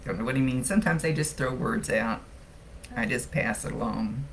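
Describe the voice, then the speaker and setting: Gravelly-voiced chatty woman medium. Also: very deep voice, moderate pace, slight background noise. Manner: chatty, laughs often, gets teary. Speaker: psychic medium. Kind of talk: live-streamed reading, casual chat.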